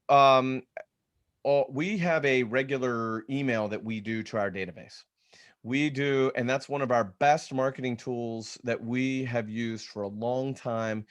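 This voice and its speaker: A man with a drawl leads an online class for real estate agents, his voice sitting in an ordinary middle register. He talks with energy in a loose conversational way and often restarts his thoughts partway through. The sound carries the feel of a video call. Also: mid-range voice. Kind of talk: webinar teaching talk.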